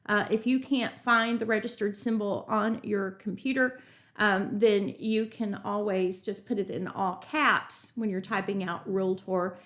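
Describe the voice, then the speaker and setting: A middle-aged woman teaches a live real estate webinar, her slightly high voice carrying a gravelly fry. She keeps an upbeat, chatty manner, greeting viewers in the chat by name and slipping into anecdotes along the way. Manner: chatty storytelling with asides.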